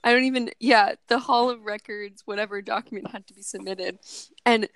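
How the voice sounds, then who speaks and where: A woman's voice: a little high, steady tone, brisk, fairly bright tone, no room sound, rough recording. A woman co-hosting a podcast, recapping a movie plot in a sarcastic, mocking way. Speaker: podcast co-host.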